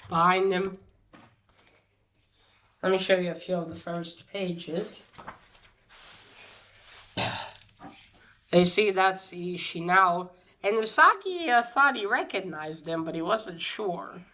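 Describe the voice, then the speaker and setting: A woman's voice: on the low side, a bit bright. A young woman casually retelling a comic book story as a reviewer, hesitant, with many fillers and restarts.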